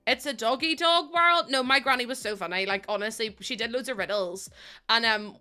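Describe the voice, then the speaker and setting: A woman's voice: a little high, brisk, sharp tone, smooth. A woman streaming live, chatting casually with her viewers, greeting them and laughing often.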